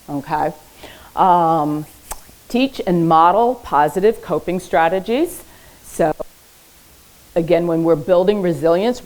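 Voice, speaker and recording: A woman therapist presents to parents in a public library room, and her voice sits low with a gravelly edge. She keeps her delivery conversational and warm with humor. She often pauses to ask "okay?" before moving on. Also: low-quality recording. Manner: uses light humor while teaching. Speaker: therapist giving a parenting talk. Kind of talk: informal educational presentation.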